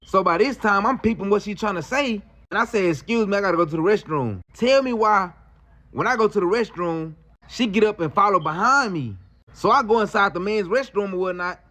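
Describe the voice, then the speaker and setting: A man telling a story in a casual, slangy, animated way. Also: sits high, moderate pace.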